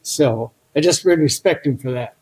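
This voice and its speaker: A man's voice: a little high, moderate pace, very noisy. A man sharing a memory at a ceremony in a hotel ballroom, sincere and plain-spoken.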